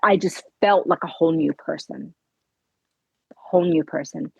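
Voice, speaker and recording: A woman's voice: low voice, normal speed, creaky, darkish tone, slightly rough, no room sound, highs cut off. A middle-aged woman, a podcast guest telling her story earnestly in conversation and acting out the dialogue. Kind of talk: conversational interview.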